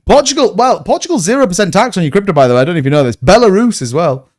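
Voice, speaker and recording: This crypto livestream host from Yorkshire has a high, sing-song voice and races along. He casually reads out viewer comments and replies bluntly, repeating himself and addressing people as mate.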